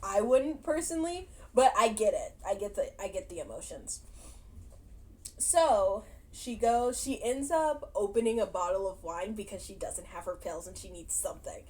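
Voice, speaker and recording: A woman's voice: mid-range voice, lively intonation, moderate pace, darkish tone. A woman casually retelling a movie's plot to her viewers, chatty and laughing as she goes. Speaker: movie reaction vlogger.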